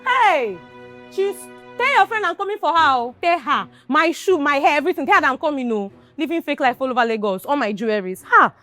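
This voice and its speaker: An actress playing a brash woman with a Nigerian Pidgin accent, loudly scolding and taunting in a Nollywood film. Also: high-pitched, animated, a little fast, faint music behind. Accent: Nigerian Pidgin English. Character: brash woman chasing someone who owes her. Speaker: angry woman confronting a wig borrower.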